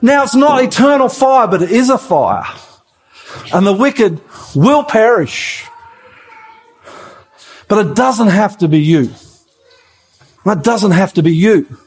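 A man preaches with fervent, pleading intensity, repeating his key phrases for emphasis. His voice sits notably high for a man. It is an evangelistic sermon delivered straight to the listener. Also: lively intonation, slow, pauses often. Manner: impassioned and pleading, with emphatic repetition.

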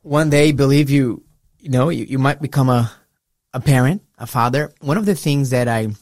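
A man's voice: medium pitch, normal speed, a little mellow, dry recording, studio quality. A middle-aged man co-hosting a casual Bible discussion, earnest and reflective in a pastoral way. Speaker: podcast co-host.

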